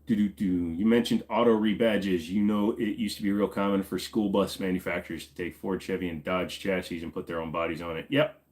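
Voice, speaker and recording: A man's voice: low-pitched, fairly even intonation, a little fast, hardly any pauses, a little mellow. A man from Virginia hosting a casual live Q&A, rambling and joking while he answers chat questions. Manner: rambling, joking, talks while fiddling with gear.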